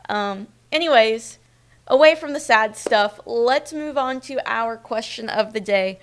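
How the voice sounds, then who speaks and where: A woman's voice: on the high side, a little slow. A woman in her twenties hosting a streamed local news show, talking in a chatty, personal way with many fillers. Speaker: news host. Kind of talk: casual live-stream news chat.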